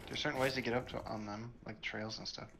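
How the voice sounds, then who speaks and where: A man's voice: medium pitch, steady tone, fast, gravelly. A man chatting casually with his sister while playing a shooter game, giggling often. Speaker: gaming partner, host's brother. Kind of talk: casual gameplay chat. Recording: noisy background with clicks.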